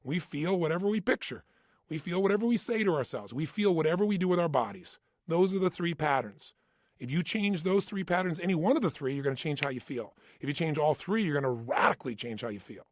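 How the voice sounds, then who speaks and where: A man's voice: fairly high pitch, expressive, fast talker, dry recording, clean studio sound. A man giving an intense, emphatic motivational talk, hammering points with punchy repetition. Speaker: motivational speaker. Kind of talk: motivational self-help talk.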